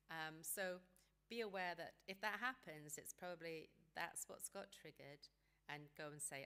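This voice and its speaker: A woman giving a seminar talk on parenting teenagers, calm and practical, sometimes acting out what parents and teens might say. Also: deep voice, moderate pace, clean tone. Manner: calm, practical advice, acts out quoted dialogue.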